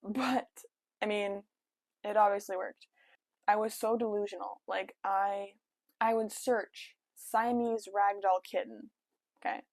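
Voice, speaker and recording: A woman's voice: medium pitch, fairly even intonation, slow pace, a little mellow, dry recording. A young woman chatting casually to camera at home, telling a story with lots of "like" and quoted asides. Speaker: vlogger.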